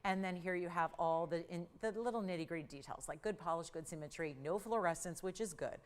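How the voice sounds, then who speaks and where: A middle-aged woman hosting a live TV jewelry sale, pitching in an upbeat, persuasive and urgent way. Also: fairly quick. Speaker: shopping channel host. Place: TV studio.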